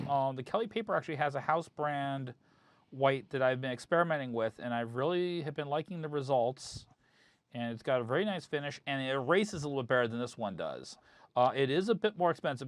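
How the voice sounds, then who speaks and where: Lively, chatty man talking shop. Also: mid-range voice. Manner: chatty, rambling with many fillers. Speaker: artist hosting a drawing stream. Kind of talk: casual chat while drawing.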